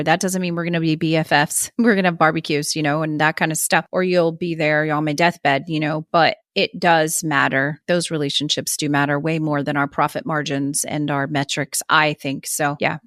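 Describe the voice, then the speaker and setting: A woman's voice: sits low, steady tone, normal speed, hardly any pauses, fairly bright tone, no echo, clean studio sound. A woman hosting a podcast interview, speaking in an earnest, reflective way and often quoting what she once said. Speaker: podcast host.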